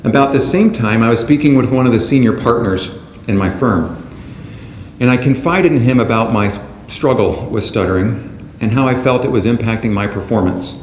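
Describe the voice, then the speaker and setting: A man delivering a prepared, measured keynote speech to a conference audience in a large hall. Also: mid-range voice. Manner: measured, deliberate delivery from a script. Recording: roomy hall sound with faint background noise.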